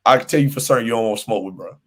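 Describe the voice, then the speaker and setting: A man co-hosting a sports podcast rants with real heat. He repeats his points and laughs between lines. His voice sits at an everyday middle pitch. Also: racing. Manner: animated ranting, repeats himself, laughs often. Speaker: podcast co-host. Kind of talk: casual sports chat.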